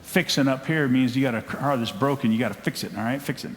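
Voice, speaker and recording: A man with a Southern accent preaching a sermon, telling a story in an animated way and acting out the scenes. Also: medium pitch, fast talker, slight background noise. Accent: Southern American. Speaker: pastor. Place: church sanctuary. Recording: long church hall echo.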